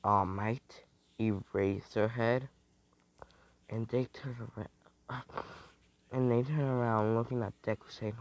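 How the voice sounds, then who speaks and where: A man's voice: mid-range voice, fairly even intonation, slow, pauses often, dry recording. A man telling an improvised fan story in a rambling, loose way, in a lo-fi recording. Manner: rambling, loose, with fillers and restarts.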